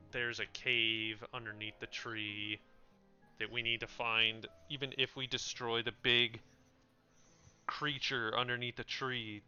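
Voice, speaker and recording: A man's voice: medium pitch, bright, forceful tone, highs cut off. A man playing a tabletop game, describing his moves with hesitant, stammering starts.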